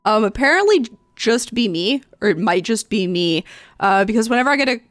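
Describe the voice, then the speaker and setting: A woman's voice: on the high side, very animated, fairly quick, no room sound. Chatty young woman, dry close mic. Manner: chatty, frequent ums and likes, laughs often. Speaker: streamer and host. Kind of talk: casual chat reading and reacting to forum posts.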